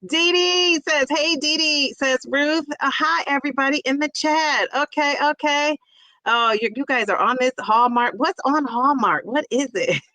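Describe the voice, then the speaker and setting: Fifty-something lady on a livestream, bright high-ish voice, dry close sound, gushes over chat names. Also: normal speed, no echo, low-quality recording. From Ohio. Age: 50s. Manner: chatty and effusive, greets viewers with loud bursts. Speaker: livestream host reading chat. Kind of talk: casual live chat.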